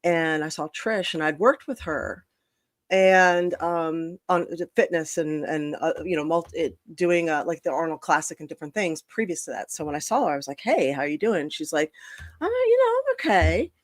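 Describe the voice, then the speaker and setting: A woman's voice: low voice, moderate pace, no room sound. A woman hosting a chat show over a video call, telling a frank story in a rambling way full of fillers and restarts. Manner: rambling, frank, with many fillers and self-corrections. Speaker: host. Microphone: video call streaming setup.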